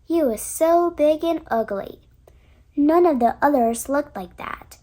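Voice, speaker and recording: Woman reading a kids' story aloud, high voice, gentle and even. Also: slow pace. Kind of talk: children's storybook read-aloud.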